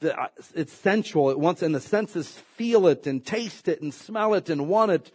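A man preaching a sermon, his slightly husky voice ranging widely in pitch. He tells homey stories with jokes and acts out quoted voices along the way. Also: normal speed. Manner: folksy, joking, animated storytelling with acted quotes. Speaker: pastor.

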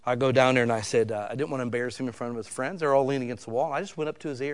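A middle-aged man, preaching a sermon in a folksy storytelling way, swinging from loud emphatic lines to hushed ones. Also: mid-range voice, steady tone, very fast, hardly any pauses. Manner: folksy, casual wording.

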